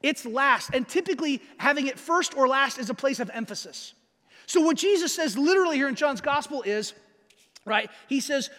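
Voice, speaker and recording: Very high-voiced man preaching in a hall. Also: animated, sharp tone. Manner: emphatic, slows down to stress key phrases; conversational, asks the audience questions. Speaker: pastor. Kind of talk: sermon. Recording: long reverb of a large hall.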